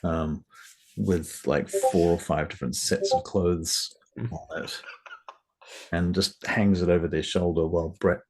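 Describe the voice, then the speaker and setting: A man's voice: sits low, steady tone, measured pace, a little mellow, breathy edge. A man running a tabletop role-playing game, narrating with wry laughing asides. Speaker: game master.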